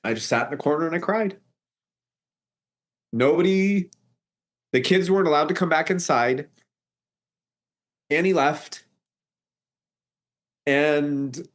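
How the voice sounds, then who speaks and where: A man's voice: expressive, a little slow, long pauses. Man recounting his story with rising intensity. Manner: earnest, voice rising high when reliving the shouting. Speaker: guest telling his life story. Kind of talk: emotional personal storytelling.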